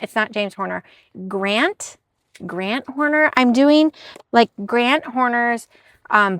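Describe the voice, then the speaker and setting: A woman's voice: fairly high pitch, fairly bright tone, dry recording, clean studio sound. A woman chatting casually in a haul video, bubbly and self-deprecating as she shows her thrift finds. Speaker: reseller vlogger.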